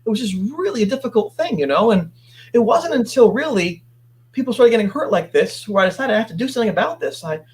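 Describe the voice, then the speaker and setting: A man telling his story as a guest on an interview show, animated and acting out what others said. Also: high-pitched, fast talker. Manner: animated, acts out quoted voices.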